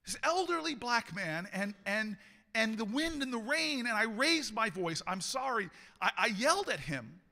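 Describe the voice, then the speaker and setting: High, bright man rallying a hall. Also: very animated, moderate pace, gravelly. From United States. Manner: storytelling that builds to shouted rallying calls; laughs often between lines. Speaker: mayor giving a political speech. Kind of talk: rousing political speech. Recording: long hall reverb.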